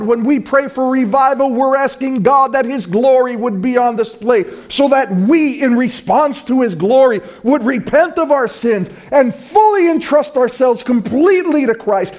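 A man preaching a sermon, swinging between loud proclamation and hushed, intimate asides. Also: very high-pitched. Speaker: pastor.

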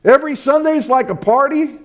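A man preaching a sermon, swinging between loud proclamation and hushed, intimate asides. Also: very high-pitched, fairly quick. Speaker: pastor.

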